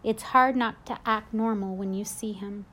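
A woman's voice: mid-range voice, steady tone, moderate pace, fairly bright tone. A woman narrating a storybook in the first person, in a confiding, reflective way. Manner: confiding, reflective boy's point of view. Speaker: audiobook narrator.

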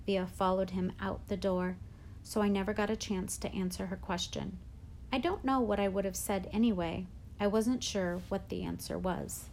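A woman reading a first-person novel aloud with measured, expressive storytelling. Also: medium pitch, creaky, slight background noise. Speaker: audiobook narrator.

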